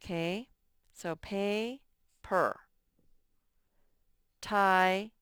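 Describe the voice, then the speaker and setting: A woman teacher talks young children through their spelling words, breaking each one into syllables at an unhurried pace. Her voice is smooth and somewhat low, with a dry, close sound. She speaks plainly and patiently. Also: fairly even intonation, fairly bright tone, dry recording. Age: adult. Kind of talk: first-grade spelling lesson.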